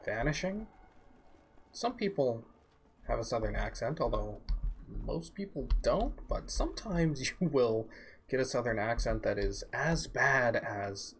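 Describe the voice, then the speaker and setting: A young man from the American South giving halting, offhand commentary while streaming a game. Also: medium pitch, big pitch swings, a little hiss or hum. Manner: halting, musing, offhand remarks. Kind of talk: casual gameplay commentary.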